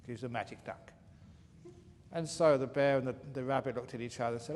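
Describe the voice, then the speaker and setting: Fielding questions at a retreat, a meditation teacher keeps things playful with jokes he laughs at himself. His voice is medium in pitch, steady, a little mellow and fairly quick, recorded with faint hall reverb and light room noise.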